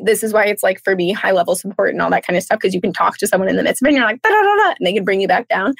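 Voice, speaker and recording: Bubbly woman coach on a podcast, bit of vocal fry, dry close mic, jumps into silly little voices. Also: medium pitch, dry recording. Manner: bubbly, animated, playful voices for her inner thoughts. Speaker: podcast guest, trauma and relationship coach. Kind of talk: casual podcast interview.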